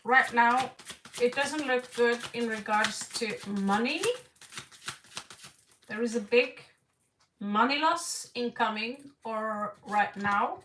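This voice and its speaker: Slow, frank woman reading tarot. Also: fairly high pitch, a bit bright, reverberant, recorded from a distance, slight background noise, low-quality recording. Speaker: tarot reader.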